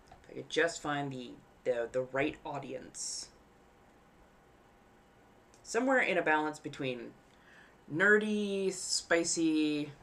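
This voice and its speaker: A woman chatting casually on a live stream while she sews, rambling and frank, swearing freely and laughing at herself. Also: sits low. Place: home apartment.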